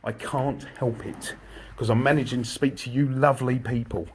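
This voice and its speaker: A man, an airsoft shop owner, chatting casually and excitably to viewers on a live stream from inside his shop. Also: medium pitch, normal speed, breathy edge. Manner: chatty, excitable, jokey, addresses viewers directly.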